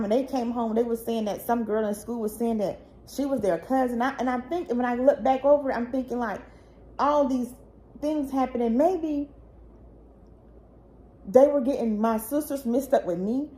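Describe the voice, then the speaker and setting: A woman's voice: on the high side, dark tone, slight background noise. A young woman telling her own painful family story in an emotional vlog, heated and indignant, with speech. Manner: heated, indignant, rising to near tears.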